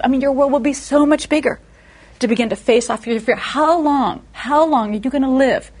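A woman from Indiana, a guest on a talk show, giving her testimony with lively, humorous storytelling. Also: a little high, breathy edge. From Indiana, USA.

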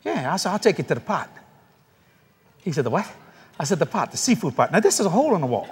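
A man's voice: on the high side, quick pace, breathy edge, in a large hall. A man preaching, telling stories with laughter and mimicking the voices of others. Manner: animated, laughing storyteller who mimics voices. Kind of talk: storytelling sermon.

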